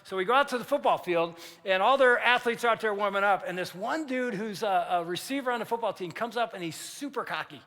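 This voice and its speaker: An older man preaches in a church, telling a story with lively energy and sometimes shouting at its peak. His voice sits high and bright, and it rings out with the long reverb of a large hall. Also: a little fast. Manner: animated, acts out dialogue, rising to shouts at climaxes. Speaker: pastor. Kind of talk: sermon with storytelling. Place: church sanctuary.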